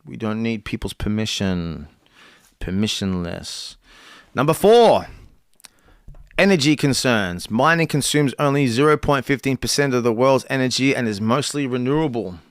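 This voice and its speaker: A young male content creator reads cards aloud on a casual stream, stumbling, restarting lines and chatting offhandedly in between. His medium-pitched voice is expressive, clear and resonant, captured in clean, dry studio sound.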